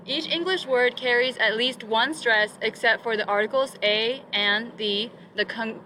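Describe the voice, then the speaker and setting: A woman's voice: on the high side, slight background noise, rough recording. A young woman presenting a poetry lesson, reading from prepared notes with the odd "um". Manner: steady reading with occasional um fillers.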